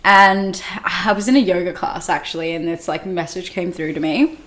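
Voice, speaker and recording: A woman co-hosting a podcast, her voice husky and partly lost from illness, chatting in a reflective, easygoing way. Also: lowish voice, steady tone, moderate pace, a bit bright. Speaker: podcast co-host. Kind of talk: casual chat.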